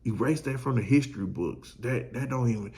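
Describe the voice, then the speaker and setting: A man's voice: mid-range voice, fairly quick, creaky, darkish tone. A man hosting a sports show, giving a fired-up fan pep talk full of slang.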